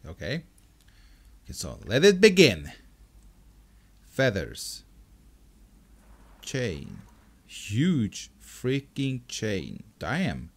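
A man giving let's play commentary, excitable, with loud exclamations and swearing as he plays. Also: lowish voice, drawn-out words, long pauses, breathy edge. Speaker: gameplay commentator.

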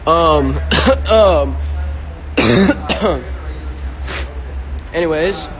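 A man's voice: on the high side, animated, extremely slow. A young man on a casual live stream, a musician talking loosely in slang on his phone. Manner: slangy and loose, raps and sings along. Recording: loud music playing behind.

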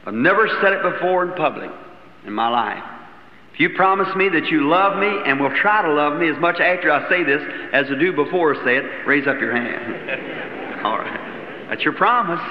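A man preaches in a folksy, chuckling storytelling manner, acting out the voices in his tale. His voice sits fairly high and rings through a large hall. The recording is dull and lo-fi, like an old tape, with faint hiss underneath. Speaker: evangelist preacher. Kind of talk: sermon storytelling. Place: church meeting hall.

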